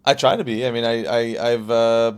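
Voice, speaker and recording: A man's voice: medium pitch, steady tone, normal speed, smooth. A young man in his twenties from the Los Angeles area, a podcast guest telling stories in a rambling way, full of "like" and restarts. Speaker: podcast guest, car salesman. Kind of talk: casual storytelling.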